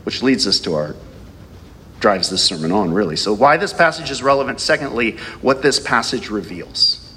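A man's voice: fairly low pitch, expressive, normal speed, pushed and bright, big-room sound, a little hiss or hum. A male pastor preaching a sermon, reading scripture aloud and asking the congregation rhetorical questions.

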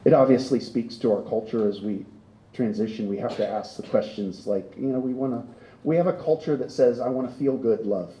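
Earnest male pastor, dark echoey hall. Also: medium pitch, a little fast. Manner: earnest, building to impassioned emphasis. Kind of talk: sermon.

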